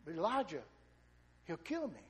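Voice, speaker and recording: A man's voice: sits high, huge pitch swings, moderate pace, fairly bright tone, exaggerated voice. A man preaching, voicing a fearful male servant who pleads to be spared a task. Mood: pleading.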